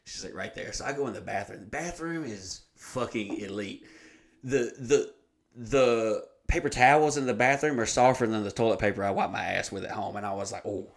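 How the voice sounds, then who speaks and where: On a podcast, a man with a lowish, creaky voice tells a comic story at a brisk clip. He swears freely and acts out the voices of the people he quotes, keeping it profane and animated.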